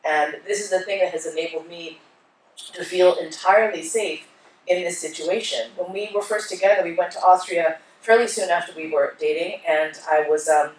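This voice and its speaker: A woman's voice: fairly low pitch, normal speed. A woman giving a conference keynote, telling stories animatedly and acting out voices. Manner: animated storyteller, acts out voices. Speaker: keynote speaker. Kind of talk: onstage conversation with audience. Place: conference hall. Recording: echoey hall from far off.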